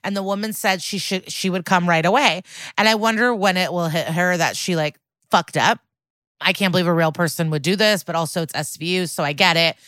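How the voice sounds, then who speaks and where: A woman chatting on a podcast as she recaps an episode, acting out quotes with animated energy. Her voice sits on the low side but sounds bright and forceful. The recording is dry and close. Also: brisk, no echo. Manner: animated retelling with acted-out quotes and laughs. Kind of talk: casual chat.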